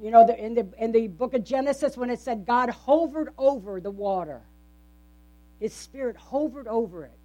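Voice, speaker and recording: A woman's voice: a little high, moderate pace, dark tone. Woman preaching with rhetorical questions. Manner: conversational, asks the congregation frequent rhetorical questions. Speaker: pastor. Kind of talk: sermon. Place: church.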